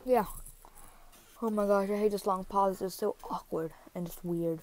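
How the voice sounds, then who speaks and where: A woman's voice: medium pitch, steady tone, normal speed, darkish tone. Rambling woman vlogging into a phone. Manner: rambling, full of fillers and asides. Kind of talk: casual vlog chat. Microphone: iPhone.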